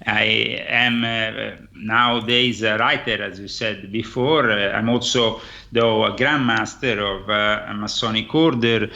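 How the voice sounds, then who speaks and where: Italian male guest on a radio call, bright tone, halting delivery with lots of fillers, dull lo-fi line. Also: lowish voice, fairly even intonation, creaky. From Italy. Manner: hesitant, many pauses and fillers. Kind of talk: phone-in interview.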